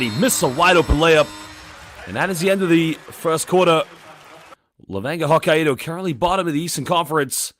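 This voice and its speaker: A man doing live play-by-play commentary on a basketball game, calling the action briskly and reading out viewer chat messages between plays. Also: a little high, fairly bright tone, no room sound.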